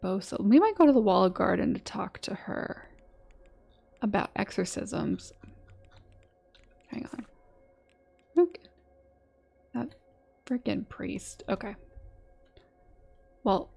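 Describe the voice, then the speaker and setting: A woman's voice: mid-range voice, expressive, slow pace, vocal fry, pauses often, dark tone, husky. A woman streaming a game, reading its dialogue aloud between chatty asides. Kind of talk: live-streamed gameplay commentary.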